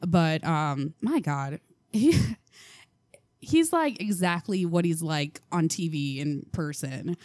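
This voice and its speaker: A young woman with a slightly low voice tells anecdotes on a podcast, laughing often and filling pauses with lots of ums. The sound is close and dry, with very little room echo. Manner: animated storyteller, laughs often, many ums. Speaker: podcast guest. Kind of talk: casual chat.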